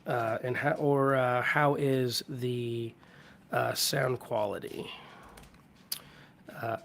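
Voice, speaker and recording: A man with a cold talks through a relaxed live-stream chat from his home, his hoarse voice held low to spare it. There's a gravelly edge to his mid-pitched tone, and he rambles easily between viewers' names and stories. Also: drawn-out words, slight background noise. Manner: rambling, greets viewers by name. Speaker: livestream host. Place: at home with hardwood floors.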